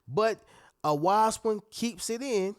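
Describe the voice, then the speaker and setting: Preachy man with a high, dry voice. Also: takes it slowly, clear, resonant tone, no room sound. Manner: animated, preachy, calls out to his audience. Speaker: motivational speaker. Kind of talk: preachy motivational talk.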